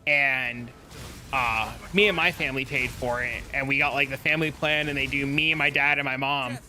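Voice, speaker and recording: A man's voice: mid-range voice, steady tone, moderate pace, pushed and bright, slight background noise. A man streaming live, chatting loosely with viewers and rambling through an anecdote. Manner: rambling storyteller, chats with viewers. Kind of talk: casual live-stream chat.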